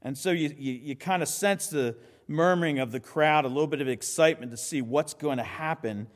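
Animated preacher with ringing hall reverb. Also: male voice, a little high. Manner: animated preaching, quick asides and repeated restarts. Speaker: pastor. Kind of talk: sermon.

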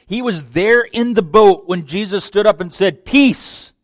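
A man preaching a sermon, dramatic, swinging between loud declarations and hushed lines. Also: sits high, moderate pace, no room sound, studio quality.

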